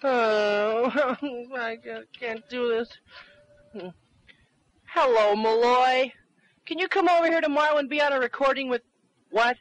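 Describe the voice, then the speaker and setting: A man acting in a comedy skit, excitable and quick-tempered, with a whiny edge. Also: extremely high pitch, no echo, rough recording. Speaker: comedy phone-tape performer.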